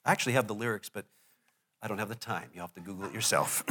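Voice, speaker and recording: A male pastor preaching a sermon to a congregation, telling a story with animated, self-deprecating asides. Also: fairly low pitch, fast talker, a little hiss or hum. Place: church before a congregation.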